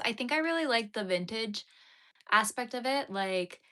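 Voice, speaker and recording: Young woman rambling on a crochet stream, lots of likes, little giggles, bright clear voice. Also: medium pitch, fairly quick. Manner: chatty, giggly, lots of "like" fillers. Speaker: livestream host. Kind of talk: casual livestream chat while crocheting.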